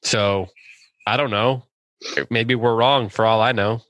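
A man hosting a casual book-club podcast, reading out listener questions in a relaxed, meandering way. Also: mid-range voice, a little slow, no echo.

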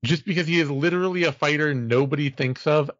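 A man's voice: a little high, quick pace, a bit bright, dry recording. A man hosting a sports podcast, breaking down upcoming fights in a chatty, analytical way with some self-mocking humor. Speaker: podcast host. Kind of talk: casual sports podcast chat. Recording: dull, slightly lo-fi dry sound.

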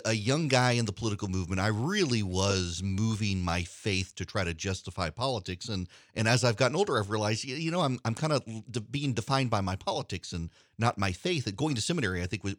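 A middle-aged man hosting a radio interview, speaking earnestly and haltingly with frequent restarts. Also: lowish voice, no echo, clean studio sound. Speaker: radio host. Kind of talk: interview conversation.

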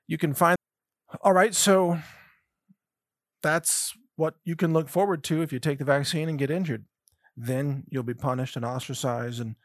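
A man's voice: on the high side, a bit bright, no echo, studio quality. A male host giving a commentary monologue, reading news items aloud with sarcastic, mocking asides and laughing at his own points. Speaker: show host.

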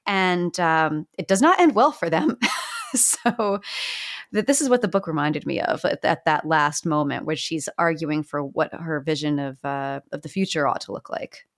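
A woman's voice: low voice, lively intonation, moderate pace. Thoughtful woman podcast guest. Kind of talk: casual podcast conversation.

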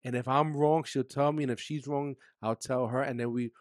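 A man speaking as a podcast guest, telling a personal story candidly in casual slang, his voice sinking soft and low at the painful parts. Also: fairly even intonation, moderate pace, no room sound, clean studio sound. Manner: emotional, drops to a soft low voice when recounting hard moments; casual slang-heavy speech.

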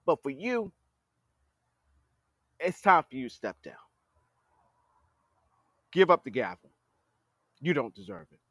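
A man's voice: fairly high pitch, very animated, takes it slowly, gravelly, pauses often, a bit bright, dry recording. A man hosting a podcast, giving a blunt political commentary monologue and scolding leaders directly as if they were listening. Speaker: podcast host.

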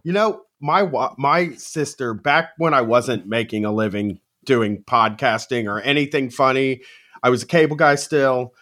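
Co-host, man, lively, varied pitch, bright voice, laughs through his stories. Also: measured pace. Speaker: podcast co-host. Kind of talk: casual storytelling.

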